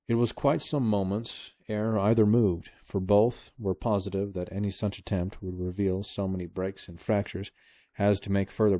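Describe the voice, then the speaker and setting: A man reading a book aloud to his kids, telling the story at a steady pace. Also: lowish voice, no room sound, studio quality.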